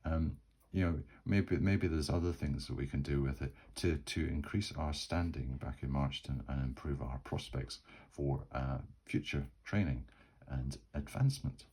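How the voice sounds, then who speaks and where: A man's voice: rumbling low, normal speed, a little mellow, breathy edge, low-quality recording. A man narrating his solo tabletop role-playing game in a rambling, chatty way. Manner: rambling, many fillers and restarts.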